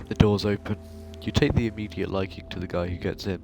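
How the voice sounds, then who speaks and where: Low-voiced man narrating a game. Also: steady tone, quick pace, hardly any pauses, a little mellow. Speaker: gaming video host. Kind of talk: reading a narrative game aloud. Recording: game music playing behind.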